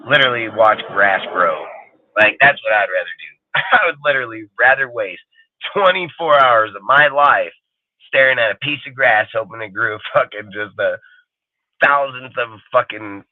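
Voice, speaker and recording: Expressive and medium-pitched, a man delivers an angry, expletive-filled rant on his live show at a moderate pace, mimicking others mockingly. There's no echo; the audio is dry and tinny, resembling a phone.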